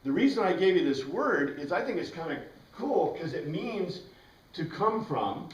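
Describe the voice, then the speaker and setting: Bible class teacher, male, chatty and rambling, slightly high voice, distant mic in a reverberant classroom. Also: big pitch swings, moderate pace. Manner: chatty, rambling, spells out words letter by letter. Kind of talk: informal classroom lecture. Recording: roomy classroom heard from a distance.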